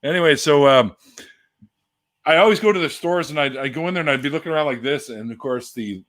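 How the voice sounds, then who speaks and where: A man's voice: a little high, quick pace, a bit bright. A man hosting a casual video chat, telling profane jokey stories and acting out the other voices. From Canada. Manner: joking, profane storyteller who acts out voices. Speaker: host.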